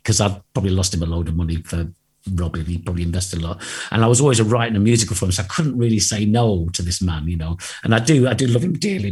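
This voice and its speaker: A husky, fairly low-voiced middle-aged man tells a rambling anecdote as an interview guest. He acts out the people in his story and laughs along the way. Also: a little mellow. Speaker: guest singer.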